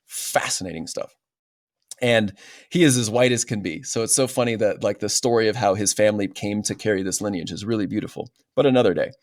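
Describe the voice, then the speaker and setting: In a dry, studio-quality recording, a man with a voice on the low side talks as a podcast guest. His casual interview manner is earnest and explanatory, with frequent "right?" check-ins.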